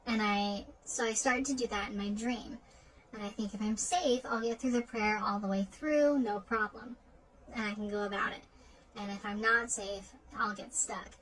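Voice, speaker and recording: A woman's voice: mid-range voice, fairly even intonation, normal speed, fairly bright tone, poor audio. A woman casually retelling a dream in a rambling way, full of "like" fillers and restarts. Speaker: storyteller.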